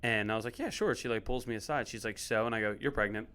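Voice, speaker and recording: Man, low pitch, bright, quick, brash, swears casually, podcast chat. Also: level tone, clean tone. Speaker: podcast guest.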